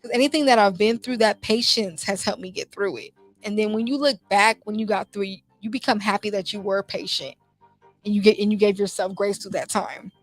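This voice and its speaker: A woman's voice: medium pitch, brisk. A young woman host, talking in a heartfelt, conversational way with many restarts. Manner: heartfelt, conversational, lots of "you know" and restarts. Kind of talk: casual motivational talk show. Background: faint music.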